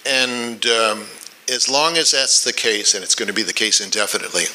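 A man from the United States giving a policy talk and answering questions, measured, often repeating words while he thinks, with dry asides. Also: lowish voice, bright, forceful tone, rough recording. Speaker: policy expert speaker.

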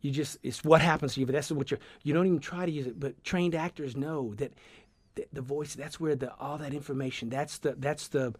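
A man with a softened Southern US accent chats as a radio guest, rambling and restarting his sentences. His voice sits a little high. The studio sound is close and dry. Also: fairly quick, dry recording. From American South. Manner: rambling, many restarts, animated. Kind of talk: casual radio conversation.

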